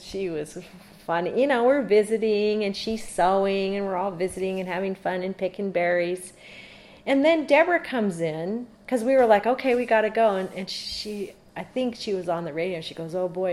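Woman telling a rambling story. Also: mid-range voice. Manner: rambling, animated, laughs while telling. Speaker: interviewee. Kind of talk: casual storytelling.

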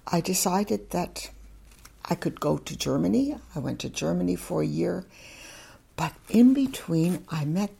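Brief: older woman interviewee, low gravelly husky voice, chatty and outspoken, rambling stories. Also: a little mellow. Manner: talkative, frank, wandering anecdotes. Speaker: interviewee, former German teacher. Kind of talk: oral history storytelling.

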